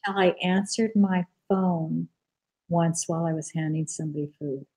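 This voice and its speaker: A middle-aged woman speaks as an interview guest, her voice warm and mellow. She tells earnest stories in a casual way, with plenty of fillers. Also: on the low side, steady tone, moderate pace, low-quality recording. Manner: earnest storytelling, frequent fillers.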